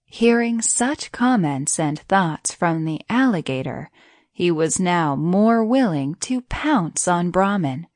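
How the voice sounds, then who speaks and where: A woman narrating a bedtime story in a gentle, even reading voice. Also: lowish voice, takes it slowly, no room sound, clean studio sound.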